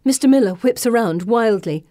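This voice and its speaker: A woman narrates a first-person story with an expressive, dramatic reading. Her voice is warm and mellow, recorded dry and close with no room sound. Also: a little high, normal speed, no echo. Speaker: audiobook narrator.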